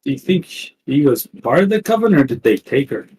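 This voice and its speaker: A woman playing a tabletop game, chatty and thinking out loud. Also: a bass voice, sing-song, normal speed, a little hiss or hum, rough recording. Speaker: player.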